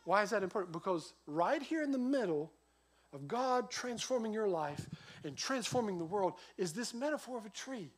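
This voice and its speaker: A middle-aged man preaching a sermon as a pastor, telling stories with a lively voice that rises and drops sharply. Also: high-pitched, moderate pace. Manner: lively storytelling, voice rising and dropping sharply.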